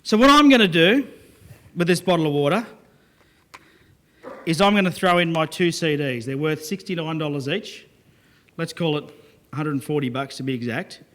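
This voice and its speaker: A man with a fairly high-pitched voice gives a business talk to a live audience. He is lively and joking and keeps pulling the listeners into the story. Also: normal speed, long pauses. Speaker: business speaker.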